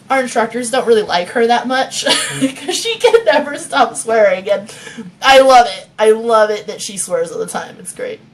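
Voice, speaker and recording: A woman's voice: a little high, expressive, unhurried. Laughing woman author, swearing freely. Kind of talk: reading her novel aloud, then chatting with viewers. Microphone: phone.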